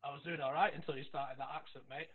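A man co-hosting a podcast, quick and teasing in his dry remarks. His voice is a little high and slightly husky, and it comes through a thin, tinny, phone-like line. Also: fairly even intonation. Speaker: podcast co-host. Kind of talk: casual chat.

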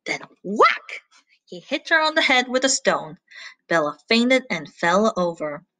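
Animated woman reading a children's story. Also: mid-range voice, a little slow, no echo. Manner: animated, asks listeners questions. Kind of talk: children's story read-aloud.

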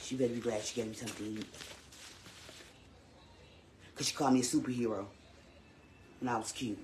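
A performer voicing a sassy, vain woman babysitter in a live-streamed comedy skit, loud and teasing, repeating lines and swooping up into squeals. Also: medium pitch, fairly even intonation, a little fast, background noise, lightly acted.

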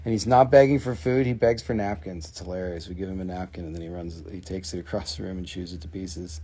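A man's voice: low-pitched, fairly even intonation, fast talker, mellow, husky. A man hosting a live stream, chatting casually and joking as he shows and prices stones for sale. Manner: chatty, jokey salesman talk. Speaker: host selling minerals on a live stream. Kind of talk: casual live sales chat.

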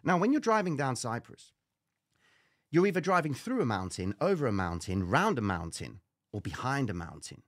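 A man hosting a live stream, telling a dramatic personal story with lively slang. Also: mid-range voice, normal speed, dry recording, studio quality. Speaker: trading show host.

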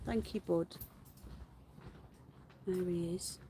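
A woman's voice: lowish voice, steady tone, slow pace, mellow, a little hiss or hum. A woman hosting a live stream from her garden, chatting casually, greeting viewers by name and calling out to her pets. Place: garden outdoors.

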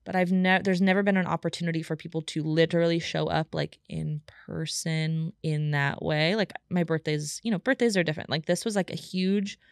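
A young woman talks through a solo podcast episode in a rambling, heartfelt way, leaning on "like" between thoughts. Her voice sits on the low side. The studio sound is dry and close. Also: steady tone, fairly quick, vocal fry, hardly any pauses, no echo. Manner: chatty and emotional, heavy use of "like". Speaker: podcast host.

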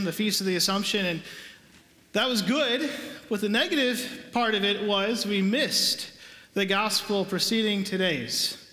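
A priest delivers a sermon with a high, bright male voice, stressing his points and tossing rhetorical questions to the pews. His words ring out through a large church with a long, echoing tail. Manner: emphatic, conversational preaching with rhetorical questions. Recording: echoey church with long reverb.

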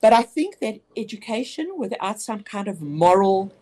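A woman's voice: medium pitch, very animated, normal speed, warm tone. Earnest woman telling a story on radio. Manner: reflective, earnest, with frequent restarts. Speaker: interview guest, educator. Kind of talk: personal storytelling in a radio interview.

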